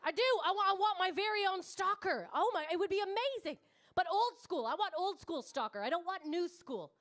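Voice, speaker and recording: Woman comic in her thirties, high voice, swoopy lively delivery, brash, crowd-teasing. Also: a little fast. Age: 30s. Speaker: stand-up comedian. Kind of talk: stand-up comedy set. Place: comedy club stage before a live audience.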